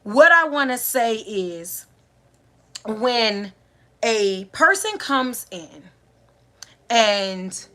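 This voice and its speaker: Woman preaching on a livestream, repeats her lines like a sermon, talks right to the listeners, bright tense voice. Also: a little high. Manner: preacher-like, repetitive cadence, rhetorical questions; addresses listeners directly. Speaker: spiritual teacher. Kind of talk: live-streamed inspirational talk.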